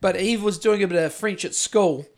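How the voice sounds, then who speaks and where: A man's voice: high voice, moderate pace. A man with a New Zealand accent hosting a podcast, rambling through casual chat, swearing and joking as he goes. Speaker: podcast host.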